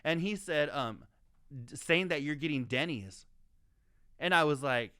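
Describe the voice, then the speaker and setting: A man co-hosting a podcast, telling a story in profane, animated casual chat. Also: on the high side, a little slow, clear, resonant tone. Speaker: podcast co-host.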